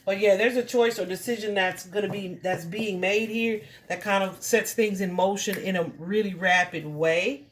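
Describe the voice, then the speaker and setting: A woman's voice: mid-range voice, steady tone, moderate pace, hardly any pauses, slight background noise. A woman giving a casual tarot reading to her viewers, chatty and reassuring, full of fillers and restarts. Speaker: tarot reader.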